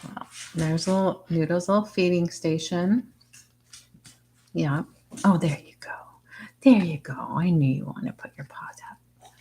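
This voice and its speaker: Woman, craft livestream host, slow casual chat, baby talk with her dog, faint background hiss. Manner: slips into high baby talk with her dog, drops to soft whispers.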